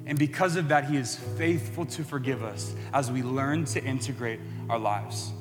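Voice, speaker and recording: A man's voice: mid-range voice, moderate pace, hardly any pauses, big-room sound, over music. A man preaching a sermon in an earnest way that builds to impassioned emphasis.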